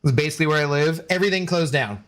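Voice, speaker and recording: This young American streamer races through his casual live commentary in a slightly bright voice on the high side. He chats while playing, venting his exasperation and swearing freely.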